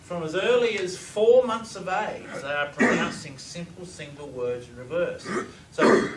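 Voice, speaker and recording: A man's voice: sits high, unhurried, a crowd in the background. Enthusiastic man lecturing in an echoey room. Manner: enthusiastic, asks the audience questions. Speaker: lecturer on reverse speech. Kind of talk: presentation to a live audience. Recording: echoey room, distant mic, faint noise.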